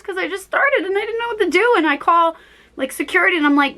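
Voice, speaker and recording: A young woman in her early twenties chats through her stories with a slightly high voice. She rambles, goes off on tangents and corrects herself mid-sentence. She acts out her own lines in an animated way as she tells each story. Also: moderate pace, low-quality recording. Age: young adult, about 21. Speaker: vlogger. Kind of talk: casual storytime chat.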